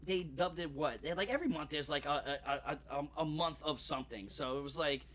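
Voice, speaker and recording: A man's voice: a little high, fairly quick, a bit bright. A man with a Long Island New York accent, hosting a podcast in brash, laid-back casual chat. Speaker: podcast host.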